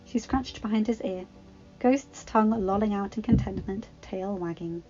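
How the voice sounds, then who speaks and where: Woman calmly narrating a story. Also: medium pitch, moderate pace, lo-fi sound, faint music behind. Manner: calm, even storytelling. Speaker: fan fiction reader.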